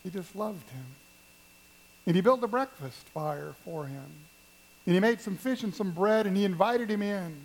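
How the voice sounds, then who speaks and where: A pastor preaching a sermon at a church service, telling stories and addressing the congregation with emphasis. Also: male voice, sits high, expressive, normal speed, poor audio. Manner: storytelling, emphatic, speaks to the congregation.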